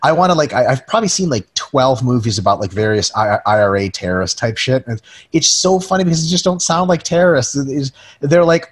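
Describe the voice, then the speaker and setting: Co-hosting a webinar like a podcast, a man chats casually, swears freely, jokes around and reads viewer questions aloud. His medium-pitched voice is expressive and quick with a breathy edge.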